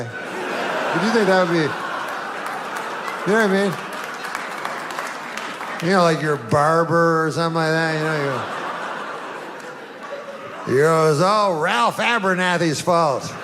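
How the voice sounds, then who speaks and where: A man telling jokes in a rambling, deadpan way, full of "you know" asides, in stand-up and talk show anecdotes. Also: fairly high pitch, noisy background. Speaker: comedian.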